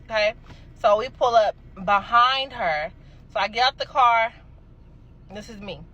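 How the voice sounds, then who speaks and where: A young adult woman telling a casual storytime, animated and emphatic, swearing freely. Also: fairly high pitch, unhurried, lo-fi sound.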